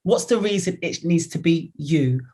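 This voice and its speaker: A woman's voice: on the low side, animated, moderate pace, warm tone, a little hiss or hum. A woman PR expert giving a motivational talk, direct and earnest, coaching the listener step by step. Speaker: guest, PR expert.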